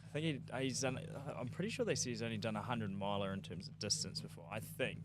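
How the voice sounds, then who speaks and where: A man from New Zealand co-hosting a live race stream, chatting in quick, easygoing banter. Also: on the low side, lively intonation. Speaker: livestream co-host. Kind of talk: casual live event commentary. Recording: noisy, humming livestream audio.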